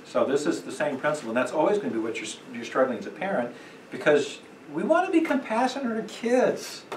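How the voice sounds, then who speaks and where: A middle-aged man teaching a parenting class at church, talking conversationally with many fillers and acting out quick quotes. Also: fairly high pitch, big pitch swings. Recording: echoey room, distant mic, noisy.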